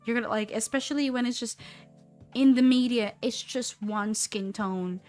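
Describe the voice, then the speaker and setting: A young woman in her twenties chatting casually on a live stream while she draws, rambling and animated with lots of "like". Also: on the high side, normal speed, faint music behind. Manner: rambling and animated, heavy use of "like". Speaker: streamer and artist.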